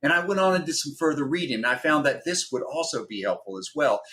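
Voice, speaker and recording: A man's voice: fairly high pitch, lively intonation, fast, pushed and bright. A man guest on a podcast, a former hostage negotiator, explaining a method step by step and often checking in with "right?". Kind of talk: explaining, instructive podcast talk.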